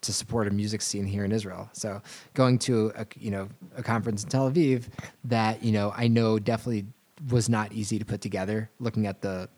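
A man's voice: fairly low pitch, steady tone, fairly quick, a little mellow. A man from Virginia co-hosting a podcast, chatting casually and rambling with fillers and restarts. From Virginia, USA. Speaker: podcast co-host.

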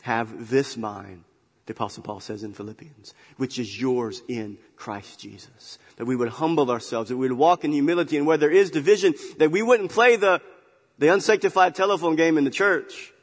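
A man preaching a sermon as pastor, emphatic and animated, swinging between loud emphasis and quiet asides. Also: medium pitch, normal speed, long reverb tail. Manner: animated, emphatic storytelling with big swings in loudness. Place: church sanctuary.

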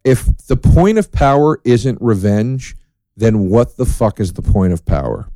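A man hosting a solo podcast, talking in a profane, sardonic, rambling way with dark jokes. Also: on the low side, expressive, measured pace, no room sound. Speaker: podcast host.

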